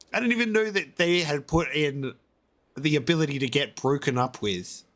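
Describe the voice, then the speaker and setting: A man's voice: a little high, a bit bright. A man reacting to a video game as a let's-play host, exasperated and rambling, often swearing.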